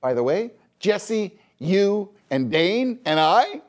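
A man's voice: high voice, very slow. Exasperated middle-aged man ranting. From Canada. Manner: exasperated, scolding, animated. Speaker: podcast host. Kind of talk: opinion commentary monologue.

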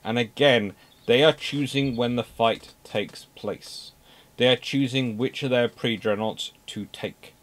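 A man's voice: mid-range voice, unhurried. A man giving an unscripted naval history talk, emphatic, repeating words for stress and adding dry asides.

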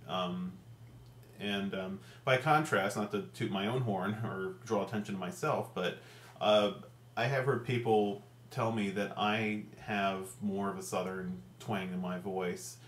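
A man from central Ohio with a central Ohio accent and hard, strongly rhotic R's, talking casually to the camera and pausing often on ums. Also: low-pitched, reverberant, slight background noise. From central Ohio, USA. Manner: hesitant, with frequent ums and restarts. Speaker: vlogger.

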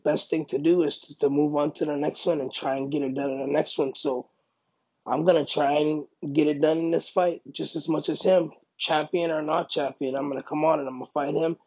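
A man with a gravelly, husky voice, pitched a bit high for a man, speaking in a casual interview. He is an emphatic professional fighter who circles back and repeats his points. The audio is dull and lo-fi. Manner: animated, emphatic, repeats himself. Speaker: MMA fighter.

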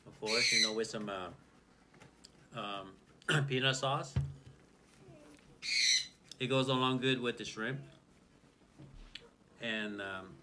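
A man's voice: mid-range voice, takes it slowly, pauses often. Guy eating dinner on camera and chatting, lots of ums, some noise in the background. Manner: relaxed, chatty, many fillers, eats while talking. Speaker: channel host. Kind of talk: casual food vlog, tasting and explaining.

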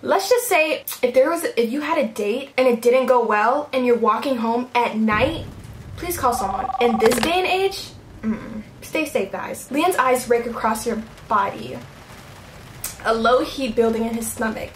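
A young woman reads fan fiction aloud in a slightly high voice, stopping often for giggly, mock-horrified remarks. The room sounds echoey, with a faint hiss under her voice. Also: moderate pace. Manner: giggly, mock-outraged asides between read passages. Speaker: YouTuber. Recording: roomy echo, faint background noise.

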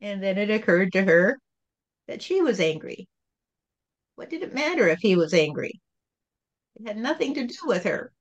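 A woman channeling God as a calm, patient spirit, speaking in a gentle, repetitive teaching tone. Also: mid-range voice, moderate pace, long pauses, muffled recording.

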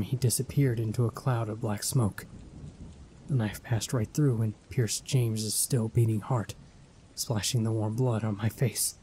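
A man reading a first-person horror story aloud in a measured, ominous storytelling manner. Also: lowish voice, fairly even intonation, mellow, slight background noise. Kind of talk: scripted horror narration.

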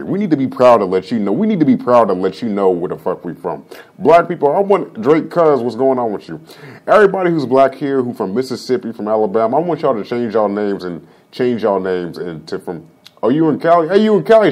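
A young man chats on his podcast in a voice that sits a little low. He rambles, jokes and swears freely. He drifts off topic and then pulls himself back. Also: a little mellow. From Vallejo, Northern California. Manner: rambling, joking and profane, often trailing off topic. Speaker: podcast host. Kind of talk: casual livestream chat.

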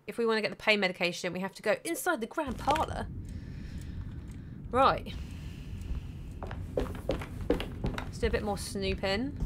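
A woman's voice: mid-range voice, lively intonation, a little slow, pauses often, background noise. A woman chatting casually as she plays a horror game, joking with herself. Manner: chatty, self-mocking. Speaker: gameplay streamer. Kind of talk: casual let's-play commentary.

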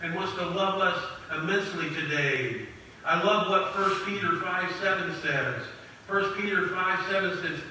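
High bright-voiced man preaching. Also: heavy reverb, far from the mic, a little hiss or hum, rough recording. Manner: repeats "this morning" and "church" as refrains; slows and stresses scripture quotes. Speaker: pastor. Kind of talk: sermon. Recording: phone livestream from a church sanctuary.

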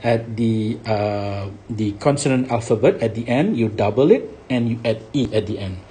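A male teacher giving a French lesson, repeating each word slowly and checking understanding with a rising "okay?". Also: on the low side, mellow, slight background noise. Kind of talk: recorded language lesson.

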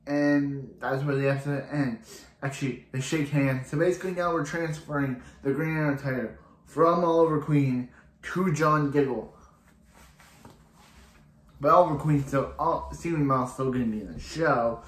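A man's voice: a little high, moderate pace, echoey room. A man reviewing a TV episode in a casual, rambling recap full of restarts and filler words.

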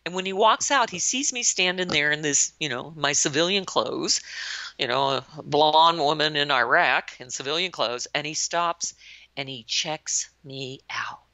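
A woman's voice: low-pitched, normal speed, dry recording. A woman in her sixties, a retired army colonel from the United States, telling anecdotes in an interview and acting out the quoted lines. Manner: lively storyteller who acts out quoted lines. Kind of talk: anecdotal storytelling in a podcast interview. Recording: dull lo-fi, dry sound.

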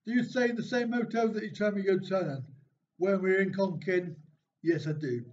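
With a high, darkish voice and a brisk pace, a man runs a casual live stream, reading chat jokes aloud and answering them with self-mocking dryness. Faint noise sits under the dull, slightly lo-fi audio.

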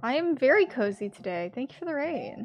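A woman streaming a platform game, chatting with her viewers, laughing a lot and yelling loudly when she fails. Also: high-pitched, very animated, a little fast, muffled recording, soft background music. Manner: chatty, laughs often, bursts into loud yells at failures. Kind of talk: casual live-stream commentary.

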